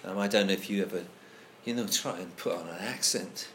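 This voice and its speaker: Brisk and a bit bright, a man with a lowish voice thinks out loud in an informal group discussion. He hesitates thoughtfully, doubling back and starting sentences over, and a soft hiss runs underneath.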